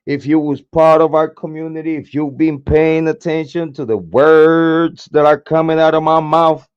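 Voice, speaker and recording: A hoarse man hosting a true crime livestream, cursing freely and hyping his chat with repeated chants, speaking into a desk mic. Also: fairly high pitch, fairly even intonation, moderate pace, highs cut off. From Puerto Rico. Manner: profane, repetitive hype chants. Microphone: desk microphone, camera off.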